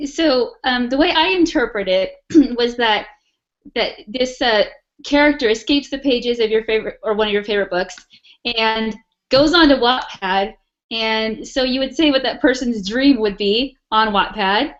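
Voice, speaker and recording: Chatty woman panelist on a video call. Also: a little high. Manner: chatty, laughs often, many fillers. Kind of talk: casual panel chat. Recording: muffled lo-fi video call audio.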